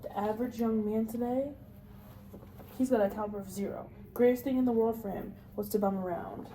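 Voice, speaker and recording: A woman's voice: a little high, fairly even intonation, dark tone, reverberant, recorded from a distance, a little hiss or hum, natural voice, low-quality recording. A woman reading the part of an aging, blustering salesman father in an amateur play read-through, bossy and lecturing. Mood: agitated. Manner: bossy, lecturing, quick to snap.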